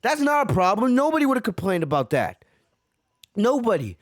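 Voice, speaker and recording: A man with a notably high voice vents on his podcast in a rambling, heated rant. He repeats his points and stumbles over restarts as his frustration builds. The sound is dry and close, with no room echo. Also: very animated, a little fast. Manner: frustrated, repeats himself, many fillers. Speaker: wrestling podcast host. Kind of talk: ranting reaction commentary.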